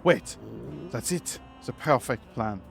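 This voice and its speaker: Streamer doing a mock-French fussy big-brother bird, soft and a bit effeminate, mid-pitched. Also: male voice, animated, a little slow, faint music behind, close to an everyday voice. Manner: soft, slightly effeminate delivery.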